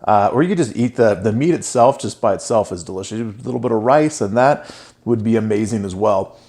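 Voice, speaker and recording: A man's voice: fairly low pitch, expressive, brisk, a little mellow. A man hosting a casual cooking video, chatting enthusiastically as he cooks and tastes the food. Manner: chatty and enthusiastic, talks while cooking and tasting. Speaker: cooking channel host.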